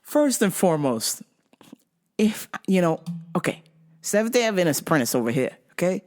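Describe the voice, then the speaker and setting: A woman hosting a podcast, telling a comic story in an animated, profane way and laughing often. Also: fairly low pitch, moderate pace. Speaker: podcast host. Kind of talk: casual comedic storytelling.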